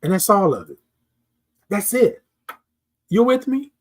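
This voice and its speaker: A man's voice: high voice, sing-song, a little slow. Man preaching self-worth on a morning live stream. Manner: preachy, repeats phrases, greets live chat. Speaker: host of a morning live show. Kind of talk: motivational live-stream talk.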